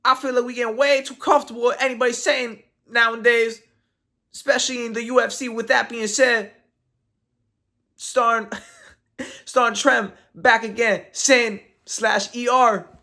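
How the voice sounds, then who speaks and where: A man's voice: extremely high pitch, fairly even intonation, measured pace, long pauses, sharp tone, pitched above the performer's own voice, exaggerated voice. A man putting on the voice of an indignant male fighter, reading a post aloud in an exaggerated, pointed way.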